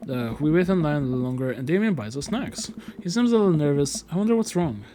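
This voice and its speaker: A man's voice: a little high, expressive, fast, warm tone, slight background noise. Swearing young man streaming a game. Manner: casual and profane, chatting between read lines. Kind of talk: live game stream, reading game text aloud.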